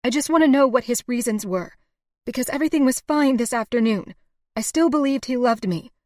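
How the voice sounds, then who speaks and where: A woman voicing a young frontier bride in an audiobook, pleading and then turning sharp. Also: on the high side, moderate pace, no echo, studio quality, voice pushed up, lightly acted. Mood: angry. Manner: pleading, breaking into anger. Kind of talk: audiobook character voice.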